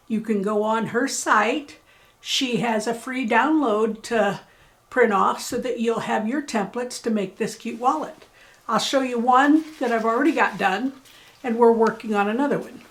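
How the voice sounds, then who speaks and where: Folksy woman walking through a sewing project, chatty and upbeat, kinda high voice. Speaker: craft shop presenter. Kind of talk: casual sewing tutorial.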